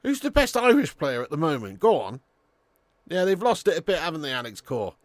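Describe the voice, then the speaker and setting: A man's voice: fairly high pitch, sing-song, a little fast, no room sound. A man, hosting a football watch-along live stream. He is sweary and full of banter, and he talks straight to his viewers. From Birmingham area, England.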